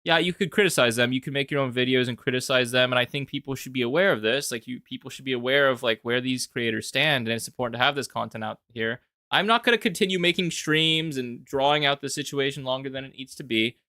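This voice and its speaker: A young man talking casually about his own video as a commentator, animated and rambling, with frequent restarts. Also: medium pitch, fast, hardly any pauses, no echo, studio quality. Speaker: YouTube commentator.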